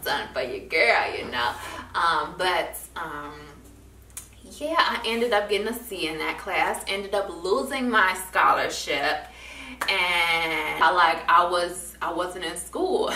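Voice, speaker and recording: Bright-voiced young woman, echoey room. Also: lowish voice, distant mic, slight background noise. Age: young adult. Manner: animated, acts out quoted people in different voices. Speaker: vlogger. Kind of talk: casual storytelling to camera.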